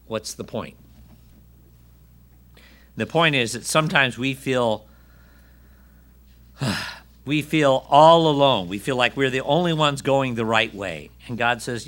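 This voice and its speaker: A man's voice: medium pitch, animated, moderate pace, pauses often, a bit bright. A man preaching a sermon who reads scripture aloud, acts out its voices and asks his listeners questions.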